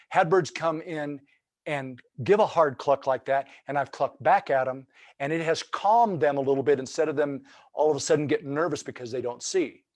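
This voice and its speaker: A man teaching turkey calling in a webinar, talking in a folksy, rambling, explanatory way. His voice sits somewhat high for a man. The sound is dry and close, with no room around it. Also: dry recording. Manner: folksy, loose and explanatory, with many restarts. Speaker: turkey hunting instructor. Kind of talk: webinar lesson.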